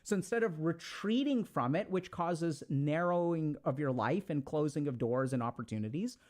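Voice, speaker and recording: A man giving casual advice to an audience, talking in an animated, conversational way and acting out little quoted exchanges. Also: a little high, moderate pace. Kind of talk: casual motivational talk.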